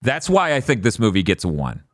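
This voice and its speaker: A man's voice: on the low side, huge pitch swings, brisk, no room sound, studio quality. A man co-hosting a casual podcast review, rambling and laughing often. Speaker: podcast co-host.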